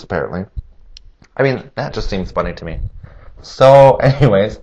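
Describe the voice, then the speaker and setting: A man's voice: lively intonation, normal speed, a little mellow. A man hosting a solo podcast, a little nasal, chatty and rambling, laughing at his own jokes. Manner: acts out quoted voices in a higher pitch. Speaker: podcast host.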